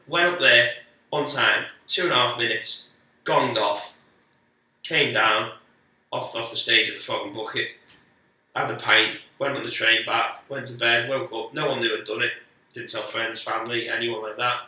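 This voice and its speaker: A man with a medium-pitched, fairly evenly intoned voice and a piercingly bright tone tells sweary, meandering stories as a podcast guest comedian, poking fun at himself along the way. The mic picks him up from a distance in a strongly echoing room.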